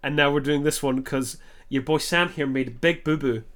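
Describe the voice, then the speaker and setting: A man hosting a podcast in casual chat, quick and self-mocking, with hesitant fillers. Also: on the high side, a bit bright. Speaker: podcast host.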